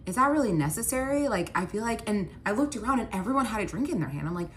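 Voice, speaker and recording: A woman's voice: mid-range voice, animated, fast talker, slight background noise. A young woman casually telling a personal story, chatty and full of "like" fillers. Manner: chatty, many "like" fillers, upset retelling.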